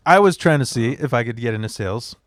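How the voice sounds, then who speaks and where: Man, standup comedian, podcast guest, rambling profane stories, mid-pitched voice, dry close sound. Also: animated, fast, no room sound. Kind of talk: casual podcast storytelling.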